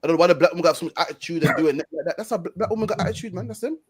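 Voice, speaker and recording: A man hosting an online stream discussion, talking in a fast, emphatic, preaching way. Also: on the high side, a loud crowd.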